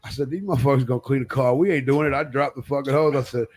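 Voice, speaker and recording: A man's voice: medium pitch, rapid-fire, soft background music. A man telling crude, profane childhood stories on a live talk stream, acting out the people in them. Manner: profane, animated storyteller, voicing friends and his dad. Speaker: co-host.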